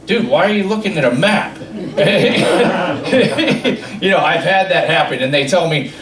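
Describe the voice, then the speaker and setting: On a comedy club stage, a man performs stand-up, rambling through stories and laughing at his own jokes. His animated voice is a little high and a bit bright at a moderate pace. Heard from off mic, the sound is roomy with slight background noise.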